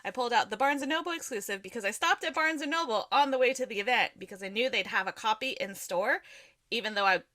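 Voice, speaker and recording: A young woman co-hosting a podcast, telling a story in a casual, excited, giggly way. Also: a little high, quick pace. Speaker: podcast co-host. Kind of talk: casual chat.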